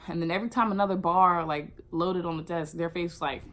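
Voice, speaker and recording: A young woman vlogger telling a casual storytime, animated and acting out what people said. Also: on the low side, fast. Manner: animated, acts out quotes.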